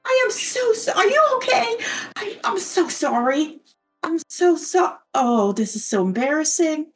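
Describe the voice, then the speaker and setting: A woman's voice: a little high, expressive, normal speed, darkish tone, recorded from a distance, soft background music, close to an everyday voice. A woman voicing Daisy, an anxious young woman adventurer who stammers and apologizes over and over. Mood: flustered.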